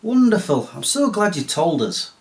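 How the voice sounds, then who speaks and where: A man's voice: high-pitched, big pitch swings, moderate pace, creaky. Sarcastic chatty male vlogger. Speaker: vlogger host. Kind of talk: comedic solo vlog.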